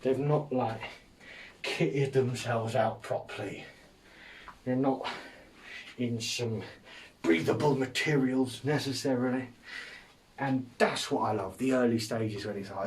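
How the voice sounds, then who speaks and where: English male podcast host, mid-pitched, loose and self-mocking, swears freely, recorded slightly off-mic. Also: slow, long pauses, distant mic, slight background noise. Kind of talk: casual comic monologue.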